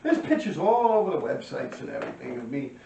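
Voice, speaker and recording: A middle-aged man tells a street story in a casual, profane, animated way, often clearing his throat. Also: mid-range voice, fast, noisy background. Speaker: graffiti writer telling a story. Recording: roomy, distant, dull lo-fi mic.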